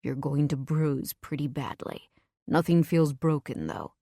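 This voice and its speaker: A woman putting on a deep, soothing man who sounds sure of himself and gentle, his words low and steady. The reading is close and dry, with no room sound around it. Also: measured pace, no room sound. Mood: calm, gentle. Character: strong calm protective man, deep soothing voice.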